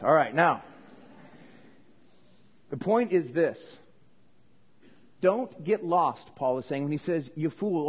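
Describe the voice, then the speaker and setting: A man with a notably high voice preaching to his congregation. He talks plainly and directly, stopping often to ask the room for an amen. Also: husky. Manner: conversational preaching, asks for amens. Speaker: pastor. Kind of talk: sermon.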